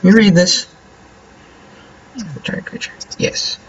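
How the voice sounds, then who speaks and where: A young man casually commentating his own card game as he plays, joking and thinking out loud. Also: takes it slowly, highs cut off. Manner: playful, jokey, talks to himself while playing. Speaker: gameplay commentator.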